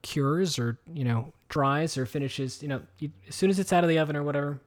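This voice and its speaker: A man's voice: on the high side, brisk. A man co-hosting a casual podcast from his kitchen on a headset mic, rambling with many fillers and restarts. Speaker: podcast co-host. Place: home kitchen. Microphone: headset microphone with headphones.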